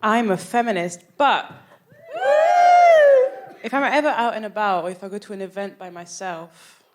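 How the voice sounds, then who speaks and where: A woman comedian with a French accent, a native French speaker, trading dry, deadpan quips on a live comedy stage. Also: medium pitch, moderate pace, heavy background noise. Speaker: comedian guest.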